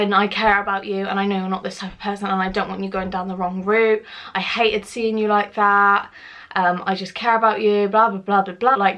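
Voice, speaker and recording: A woman's voice: medium pitch, fairly bright tone. Chatty young woman telling a story. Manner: chatty, swears freely, acts out quotes. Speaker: vlogger. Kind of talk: casual storytime.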